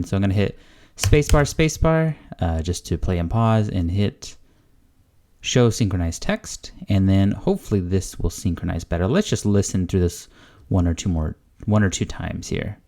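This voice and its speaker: A young man hosting a casual tutorial, chatty and relaxed, thinking aloud as he clicks through a lesson. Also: deep voice. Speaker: language-learning channel host. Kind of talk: casual screen-recorded tutorial.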